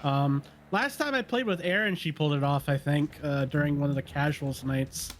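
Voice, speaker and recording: A man's voice: on the high side, moderate pace. A man casually chatting with friends during a fighting game stream, meandering with ums and likes. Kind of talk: casual chat.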